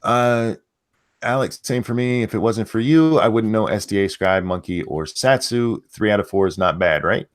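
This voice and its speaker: Low-voiced stammering male streamer. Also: moderate pace. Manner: rambling, stammering, profane. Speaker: host reading super chats. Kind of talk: casual livestream chat.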